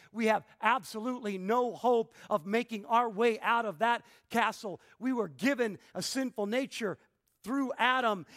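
A man preaching an expository sermon, emphatic and deliberate, leaning hard on single words. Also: sits high.

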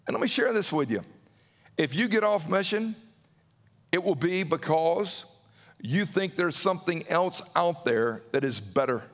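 High-voiced man preaching a sermon. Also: lively intonation, a bit bright, big-room sound. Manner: preaching with acted-out quotes and dramatic pauses. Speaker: pastor.

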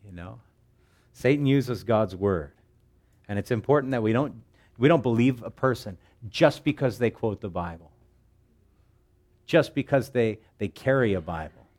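Animated, joking man preaching. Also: lowish voice, normal speed, pauses often. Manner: animated, jokey, acts out quoted voices. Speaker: pastor. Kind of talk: sermon.

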